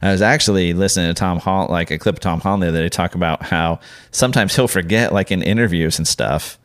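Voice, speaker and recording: Man, very low voice, casual podcast chat, rambling, hesitant. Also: fast talker. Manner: rambling, hesitant, many fillers and restarts. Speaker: podcast co-host.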